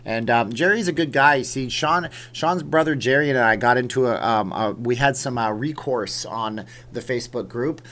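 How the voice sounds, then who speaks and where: A Canadian man hosts a late-night livestream from his home, rambling easily as he reads out viewer comments. His voice sits at an ordinary middle pitch, and his talk is loose and conversational, full of asides to the chat. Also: normal speed, hardly any pauses, a bit bright. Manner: chatty, rambling, reacts aloud to chat comments. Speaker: livestream host. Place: home room with green screen.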